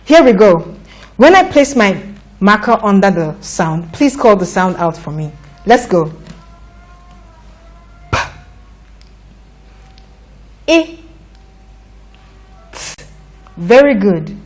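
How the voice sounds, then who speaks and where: A woman teaching phonics to young children, patient and encouraging, drawing out each sound slowly and clearly. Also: medium pitch, sing-song, faint music behind.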